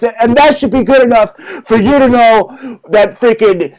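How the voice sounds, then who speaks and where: A man's voice: extremely high pitch, a little slow, a little mellow, poor audio. A man hosting his own talk show, ranting crudely and mockingly about politics with heavy swearing. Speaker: show host. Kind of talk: profane political rant.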